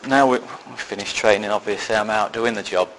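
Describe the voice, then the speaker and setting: A man's voice: fairly low pitch, a little fast, a bit bright, slight background noise, poor audio. A man preaching a sermon, telling a personal story with self-deprecating, dry humour before turning to a serious point. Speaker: lay preacher.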